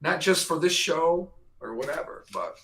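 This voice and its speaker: Male radio host, animated and bright, jokey studio banter. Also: fairly high pitch, moderate pace, rough recording. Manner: chatty, joking, exaggerates for laughs. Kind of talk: casual studio chat. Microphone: studio microphone.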